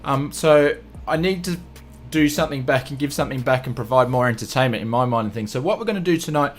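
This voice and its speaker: A man's voice: medium pitch, fast talker, a little hiss or hum. An Australian man hosting a casual livestream, upbeat and greeting chat viewers one by one with repeated welcomes. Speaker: livestream host.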